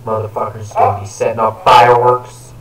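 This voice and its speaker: A man's voice: mid-range voice, level tone, fairly quick, a crowd in the background. A man chatting casually during a game, teasing and sarcastic, with crude swearing. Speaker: gaming co-host. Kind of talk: casual gaming chat. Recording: echoey room, distant mic, faint noise.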